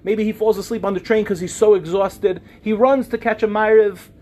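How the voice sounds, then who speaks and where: Man, 40s, high voice, storytelling talk, faint background noise. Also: steady tone, moderate pace. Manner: storytelling, acts out quoted dialogue in softer voices. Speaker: speaker on relationships. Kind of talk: talk to a live audience.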